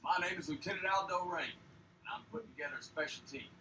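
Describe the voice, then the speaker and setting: A man's voice: on the high side, fast talker, sharp tone, slight background noise. An actor playing a tough Southern American army lieutenant who drawls and swaggers as he rallies his men, with a Southern accent. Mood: gruff. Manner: drawling, gruff, swaggering speech. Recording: film clip played in an echoey room from far off.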